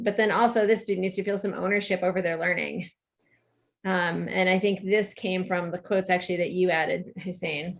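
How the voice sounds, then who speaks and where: A woman leading a video-call work meeting, guiding the group and asking what they think, with many filler ums. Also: mid-range voice. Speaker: meeting facilitator. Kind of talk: online group meeting discussion.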